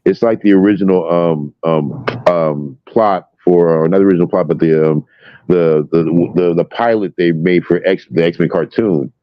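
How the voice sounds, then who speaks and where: A very deep-voiced man retells a scene with excitable energy, stumbling over fillers and cursing freely. His voice comes through dull and lo-fi. The sound is dry, with no room echo. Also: moderate pace. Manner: storytelling, excitable, lots of fillers and swearing. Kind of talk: casual chat.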